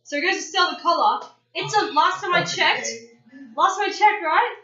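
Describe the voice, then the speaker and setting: Bright-voiced woman hosting. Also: extremely high pitch, normal speed. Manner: swearing, laughing often. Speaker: podcast host. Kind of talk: casual chat. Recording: roomy, distant, dull lo-fi recording.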